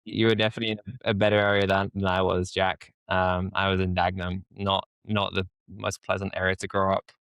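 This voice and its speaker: A man with a London English accent, a guest telling a story in a relaxed podcast chat. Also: sits low, fairly quick, vocal fry, hardly any pauses, smooth, no echo. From England. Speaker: guest, co-founder. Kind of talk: casual podcast conversation.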